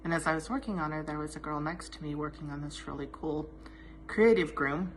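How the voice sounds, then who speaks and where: A dog groomer telling a heartfelt, self-deprecating anecdote in a personal tribute message. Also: female voice, sits low, a little fast, slight background noise.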